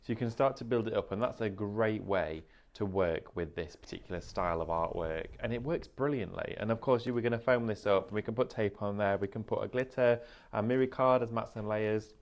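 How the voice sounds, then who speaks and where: A man's voice: lowish voice, fairly quick, hardly any pauses. A man presenting a live craft demonstration, explaining each step in a chatty way. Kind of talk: live shopping craft demo.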